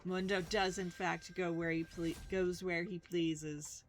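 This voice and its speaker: Woman, esports caster, slow unhurried delivery, dry humor, soft music underneath. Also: on the low side, level tone. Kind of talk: live game commentary.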